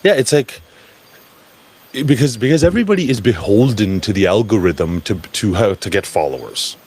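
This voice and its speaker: A man giving a blunt, profane, animated live talk at a crypto event. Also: on the low side, normal speed, husky.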